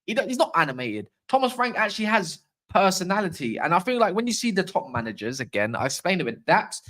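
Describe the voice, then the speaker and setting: A man's voice: sits high, quick pace. A man hosting a casual football livestream, ranting with strong opinions and slangy asides while answering chat comments. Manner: opinionated, animated, slangy football-fan rant. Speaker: fan channel livestream host.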